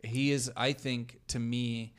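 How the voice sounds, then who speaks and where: A man's voice: medium pitch, little pitch movement, slow, smooth. A man talking casually and enthusiastically about a favorite movie, with restarts and the odd swear word for emphasis. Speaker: podcast guest discussing films. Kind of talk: casual chat.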